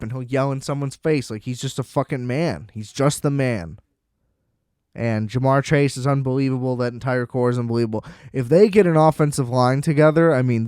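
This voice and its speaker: Smooth-voiced man ranting about sports. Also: medium pitch, darkish tone, dry recording, studio quality. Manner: blunt and profane, sarcastic. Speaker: podcast host.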